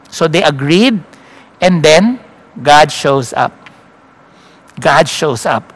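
A man preaching a Bible-teaching sermon. He tells the story slowly for emphasis and often checks in with his listeners with a quick "no?" or "okay?". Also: fairly high pitch, animated.

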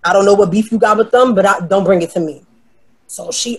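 A woman from New York telling a story in a brash, profane, animated way, acting out the other people's lines. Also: a little high, fast. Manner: brash, profane, animated retelling with quoted voices. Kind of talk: casual storytelling.

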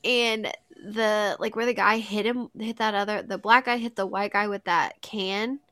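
A woman's voice: mid-range voice, measured pace, dry recording, studio quality. A woman in her thirties co-hosting a podcast in casual, giggly chat, telling stories with lots of laughter over a remote call. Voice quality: giggly, lively storyteller. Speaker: podcast co-host.

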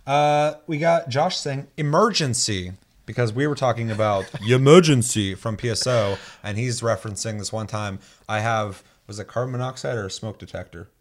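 A young male podcast host with a medium-pitched voice at normal speed chats casually and reads listener comments aloud. He's loose and profane, laughs easily, and gets animated when telling stories.

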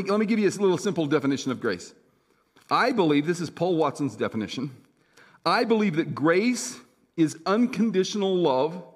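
A middle-aged male pastor preaching in a somewhat raised, light voice. He talks casually, with fillers and asides to the congregation. He moves between loud, punchy stretches and soft, slow, hushed ones. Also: high-pitched. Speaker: senior pastor. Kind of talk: sermon.

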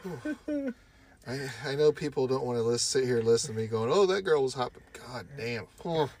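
A man in a loose, profane podcast chat, his voice sitting at an average pitch. He tells rowdy stories and keeps cracking himself up. A faint hum of the room stays in the background. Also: lively intonation, moderate pace, a little mellow. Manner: joking, swears freely, breaks into laughter. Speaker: podcast co-host. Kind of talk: casual crude banter.

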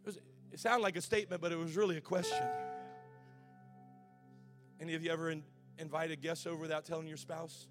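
A male pastor preaching a sermon, swinging from shouted, sing-song preaching to quiet, conversational asides. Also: a little high, level tone, a little fast, pauses often, over music.

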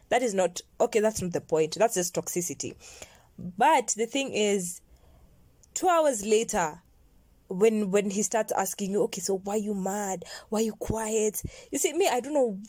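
A woman's voice: mid-range voice, dark tone, no room sound. A young woman, chatting casually to camera. She rambles from point to point and sometimes drops to a near-whisper. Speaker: vlogger.

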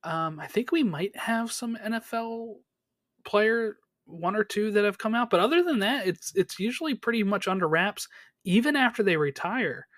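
A man with a notably high voice recaps a TV episode in a loose, chatty podcast style. He keeps tossing questions to his co-host and fills gaps with "you know" and "um". The sound is close and dry, with no room around it. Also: lively intonation, normal speed, a bit bright, dry recording. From United States. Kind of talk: casual chat recapping a TV episode.

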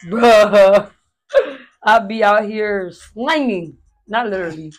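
A woman's voice: medium pitch, takes it slowly, background noise. A woman hosting a podcast in casual chat, blunt and profane, telling stories with lots of energy. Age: adult with a stepdaughter and son. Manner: blunt, profane, animated storytelling. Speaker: podcast host.

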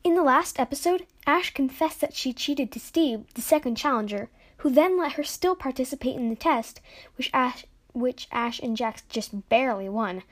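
Higher-voiced woman hosting a story podcast. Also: lively intonation, moderate pace. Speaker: podcast hostess and narrator. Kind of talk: serialized story narration.

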